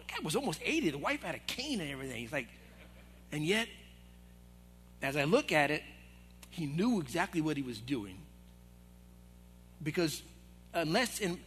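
A man's voice: sits high, slight background noise. A middle-aged man, an assistant pastor, telling a story in a sermon and acting out the voices of the people in it. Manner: animated, acts out quoted voices. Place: church hall.

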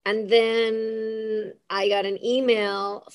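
A woman's voice: fairly high pitch, little pitch movement, drawn-out words, clear, resonant tone, dry recording. A middle-aged woman, a former member of parliament, telling personal stories as an interview guest. She speaks earnestly and from the heart, often restarting her sentences and hesitating with fillers. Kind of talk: emotional personal storytelling in conversation.

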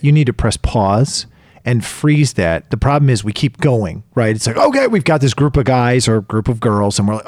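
A man's voice: medium pitch, big pitch swings, normal speed, a little mellow, dry recording, studio quality. A middle-aged man, a coach, talking casually and emphatically, repeating key phrases and acting out quotes. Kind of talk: casual chat.

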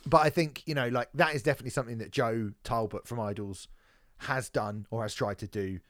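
A man co-hosting a casual music podcast, talking in animated, sweary bursts with many restarts. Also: mid-range voice, brisk, no room sound, studio quality. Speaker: podcast co-host. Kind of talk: casual music review chat.

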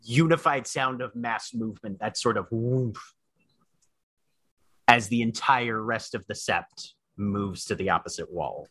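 A man running a tabletop game as storyteller, narrating scenes in a measured, descriptive way. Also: lowish voice, pushed and bright, husky, dry recording.

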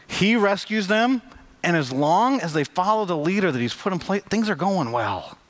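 A man's voice: sits high, sing-song, normal speed. A male pastor preaching a conversational sermon, acting out quotes with lots of energy.

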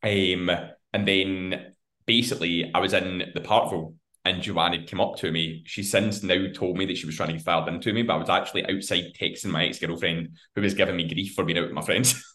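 A man's voice: sits low, fairly even intonation, brisk, sharp tone. Scottish man telling a laughing anecdote. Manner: swears freely and laughs through his anecdotes. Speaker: podcast co-host. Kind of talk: casual storytelling chat.

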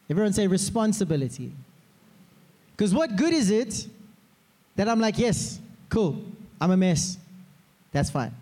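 A man preaching a sermon as pastor, in a lively way, often asking the congregation to repeat words after him. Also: high-pitched. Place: church hall. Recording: long hall reverb.

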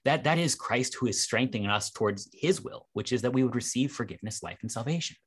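A man, a pastor co-host, working through ideas about faith in a casual conversation. His voice is slightly husky and sits at a middle pitch. He reasons aloud thoughtfully and often restarts his sentences. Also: expressive, fast.

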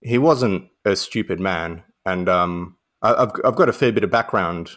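A man with a lowish voice tells film trivia on a podcast in an easy, unhurried storytelling manner. He sounds casual and conversational. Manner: relaxed storytelling, uses "mate". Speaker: podcast co-host.

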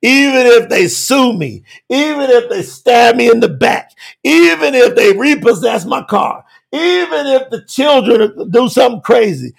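A man preaching a sermon with emphasis, moving between shouted lines and quiet low asides. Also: lively intonation, measured pace, creaky, husky.

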